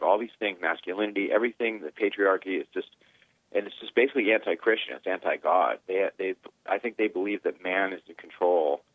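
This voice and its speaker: Male caller, very low voice, earnest rambler; phone-line audio. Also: no room sound. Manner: earnest, rambling, run-on sentences. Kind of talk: phone-in opinion.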